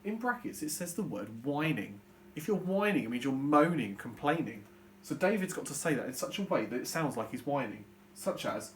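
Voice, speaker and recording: Lively British male teacher, patient. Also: medium pitch, a little fast, a little hiss or hum. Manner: clear, patient teacher explaining step by step. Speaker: primary school teacher. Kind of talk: recorded online lesson for young children.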